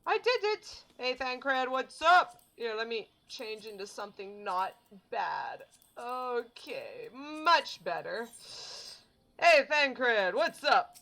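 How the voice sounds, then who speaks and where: A young woman chatting casually and jokingly while playing a game, bubbly and animated. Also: on the high side, takes it slowly, gravelly. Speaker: game streamer. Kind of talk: casual let's-play commentary. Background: faint game music.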